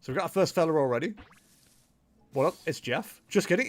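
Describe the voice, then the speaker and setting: A man streaming a video game and commenting casually, animated and jokey, with muttered asides. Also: mid-range voice, very fast. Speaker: gameplay streamer. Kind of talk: casual gameplay livestream commentary.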